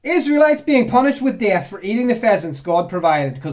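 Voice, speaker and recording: High-pitched, darkish in tone and very animated, this former Jehovah's Witness vlogger talks fairly quickly while reacting to reader comments. He reads them aloud and responds with sarcasm, rambling and laughing a lot in a casual way.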